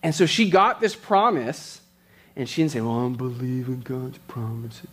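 A man as pastor, preaching a sermon in a conversational way and telling stories with quick asides. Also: medium pitch, fairly bright tone.

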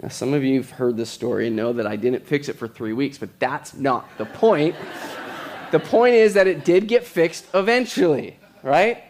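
A pastor with a medium-pitched, somewhat dark voice preaches conversationally, telling stories peppered with quick asides.

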